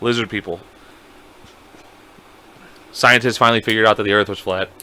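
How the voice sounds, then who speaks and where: A man's voice: on the low side, fairly even intonation, moderate pace, pushed and bright, slight background noise. A young man co-hosting a podcast in casual chat. He swears freely and acts out other people's voices as he tells his story. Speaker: podcast co-host.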